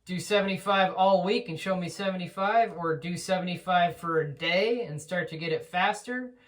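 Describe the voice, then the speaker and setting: A man giving a drum student feedback in a relaxed, encouraging way, with frequent ums and restarts. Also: high voice, moderate pace. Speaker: drum teacher. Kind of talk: recorded feedback lesson. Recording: distant mic with faint noise.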